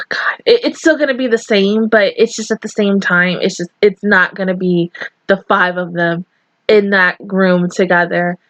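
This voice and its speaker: A woman's voice: medium pitch, fairly even intonation, normal speed, fairly bright tone, dry recording, lo-fi sound. A woman reacting to an anime episode on her channel, crying and swearing as she gushes about how happy she is. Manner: tearful, swearing, gushing. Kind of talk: emotional reaction commentary.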